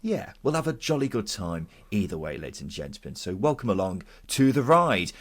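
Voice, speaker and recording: A man from England hosting a casual football podcast, upbeat and jokey as he leads the chat and reads out listener comments. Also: on the low side. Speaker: podcast host.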